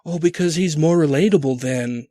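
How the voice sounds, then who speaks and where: A man's voice: on the high side, normal speed, dark tone, no room sound, studio quality. A man co-hosting a casual podcast, bantering and swearing freely. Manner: profane, laughing banter. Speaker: podcast co-host.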